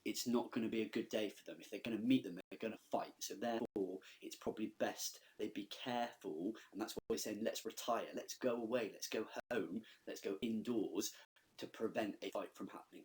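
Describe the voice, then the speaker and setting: Male teacher, low-pitched and husky, informal conversational lesson delivery. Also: steady tone, a little fast, darkish tone. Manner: conversational, checks in with frequent "okay?". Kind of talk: recorded classroom lesson.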